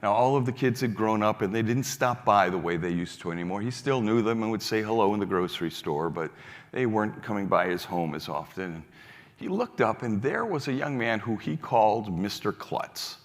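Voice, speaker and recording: A man's voice: lowish voice, fairly quick. An older man giving a keynote talk on stage, telling a story and acting out its dialogue in different voices, with frequent restarts. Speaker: foundation leader giving a keynote. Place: large hall on stage. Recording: long hall reverb.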